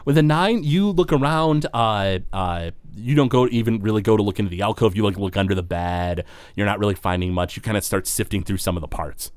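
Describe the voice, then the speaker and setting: A man's voice: lowish voice, brisk, smooth, no room sound. A man running a tabletop game as game master, narrating scenes with many filler words. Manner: rambling, full of filler words.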